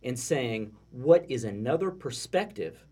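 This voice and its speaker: A man's voice: medium pitch, animated, unhurried, mellow. A man with a Southern US accent, from Texas, explaining ideas in casual podcast chat and often restarting his sentences. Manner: explanatory, stacks restarts when thinking.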